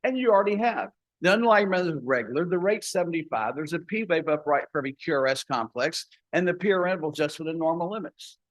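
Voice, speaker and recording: A folksy older man tells stories at a conference, slipping into the voices of the people in them. His voice sits a little high for a man. The sound is dry and close, with no room echo. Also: expressive, fast, few pauses. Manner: folksy, acts out dialogue in his story. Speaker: paramedic educator. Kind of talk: conference talk with storytelling.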